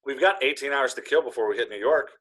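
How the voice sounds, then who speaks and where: Man reading a dry cynical young man, husky and tight, casual script read. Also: medium pitch, fast, fairly bright tone, close to an everyday voice, rough recording. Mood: teasing.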